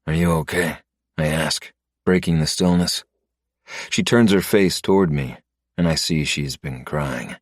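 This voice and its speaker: Man, very low voice, steady storytelling, dry close recording. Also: no echo. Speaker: narrator. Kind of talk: scripted narration.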